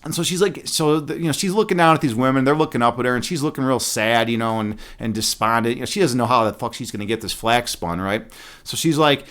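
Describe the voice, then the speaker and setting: A man reading a fairy tale aloud as a streamer, breaking off into profane, excitable, rambling commentary. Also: medium pitch, quick pace.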